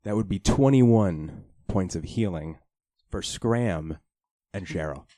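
A man with a mellow, lowish voice plays a tabletop game and jokes playfully between moves. The sound is dry, with no room echo. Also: slow. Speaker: player.

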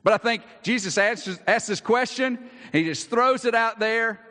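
A man with a Southern US accent preaching a sermon as pastor, folksy, repeating words and dropping into hushed asides. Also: very high-pitched, normal speed, long reverb tail.

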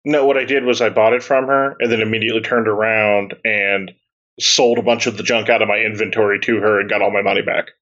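A low-voiced man trades dry, defensive banter in a casual gaming chat. His audio sounds dull and lo-fi. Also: steady tone, fast, a bit bright. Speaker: podcast co-host.

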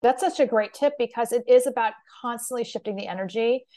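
A woman's voice: a little high, fast talker, mellow. A woman hosting an interview and coaching on media skills, affirming her guest and asking reflective questions. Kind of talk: conversational interview.

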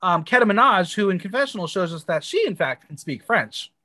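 A woman's voice: lowish voice, expressive, brisk, bright, forceful tone, no echo. A woman from the United States co-hosting a podcast, recapping a TV episode in blunt, crude, playful chat with exaggerated reactions. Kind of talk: casual chat.

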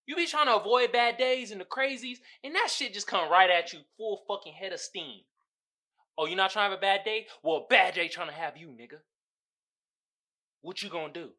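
A man's voice: high-pitched, normal speed, pushed and bright. A man hosting a podcast, riffing casually on memes with profane slang and frequent laughter. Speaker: podcast host. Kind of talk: casual comedic commentary on memes.

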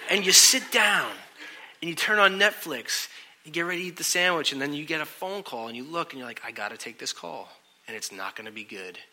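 Bright-voiced animated man preaching. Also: on the high side, slightly rough. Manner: animated, joking, asks the crowd questions. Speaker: pastor. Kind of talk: sermon.

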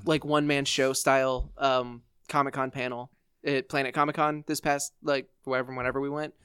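A man's voice: medium pitch, flat delivery, brisk, fairly bright tone, clean tone, no echo, clean studio sound. A man co-hosting a casual podcast, rambling with many filler words. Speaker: podcast co-host. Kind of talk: casual chat.

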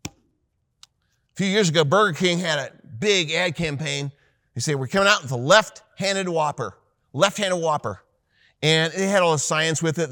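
A man preaching a sermon in an animated way, acting out quoted lines with sudden high, loud bursts. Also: no room sound, studio quality. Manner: animated, voices quoted lines with big pitch jumps. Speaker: pastor.

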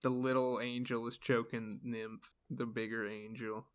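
A man's voice: medium pitch, level tone, unhurried, clean tone. A man co-hosting a casual podcast, asking questions and teasing his friend. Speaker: podcast co-host. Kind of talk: casual chat.

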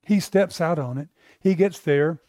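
A man's voice: a little high, a little slow, warm tone, no room sound, clean studio sound. An American man teaching a Bible class, asking the room questions and repeating himself as he builds his points.

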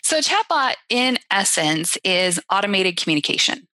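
A woman's voice: medium pitch, big pitch swings, normal speed, sharp tone, dry recording. A woman guest on a podcast, friendly and explanatory, who laughs easily while chatting. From rural farm town. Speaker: podcast guest, chatbot specialist. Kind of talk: casual interview chat.

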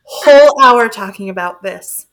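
A woman's voice: fairly high pitch, animated, a little slow, a bit bright, low-quality recording. Woman reacting in disbelief. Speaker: podcast co-host. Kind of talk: casual chat.

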